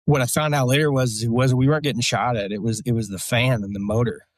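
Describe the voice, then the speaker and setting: A man's voice: mid-range voice, fairly even intonation, fast talker, no room sound. A man, a military veteran guest, telling a story casually in a blunt, profane, rambling way with lots of fillers.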